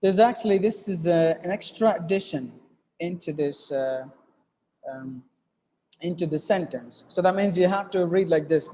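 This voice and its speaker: A man's voice: high voice, moderate pace, warm tone, long reverb tail, slight background noise. A man teaching an English lesson while writing on a board, with many fillers and restarts, often repeating "look at that.".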